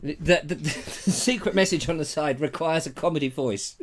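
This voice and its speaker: A man's voice: fairly high pitch, normal speed. A man from England hosting a live stream, chatting in a jokey, rambling, theatrical way on a lapel mic. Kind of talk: casual live chat.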